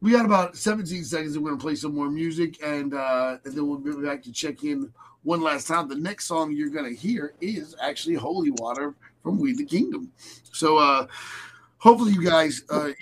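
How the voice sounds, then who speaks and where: A man hosting a radio show, chatting casually and telling a story in an animated, joking way. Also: on the high side, fairly quick, slight background noise. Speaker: radio host.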